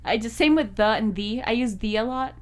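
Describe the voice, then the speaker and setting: A woman's voice: a little high, fairly quick. A woman co-hosting a casual movie podcast, talking in a laid-back way with joking asides. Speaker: podcast co-host. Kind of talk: casual chat.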